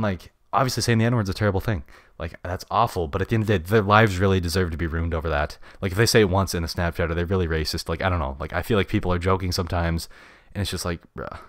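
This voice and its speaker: Fast-talking deep-voiced guy ranting. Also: a bit bright, no echo, studio quality. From United States. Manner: slangy and blunt, heavy on "dude" and "bruh". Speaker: podcast host. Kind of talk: casual solo podcast rant.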